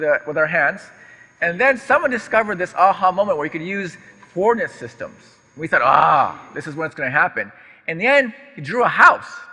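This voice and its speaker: In a big lecture hall thick with long reverb, an American man addresses a live audience from the stage in a high, strained, bright voice. His talk is casual and self-mocking, peppered with fillers and false starts.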